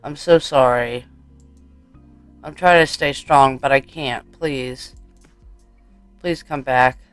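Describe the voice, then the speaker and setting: Brief: male reader as a quiet, tearful husband in a horror game, apologetic, smooth voice. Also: mid-range voice, slow, no room sound, soft background music. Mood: grieving. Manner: soft, apologetic. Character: grieving adult man, quiet, holding back tears.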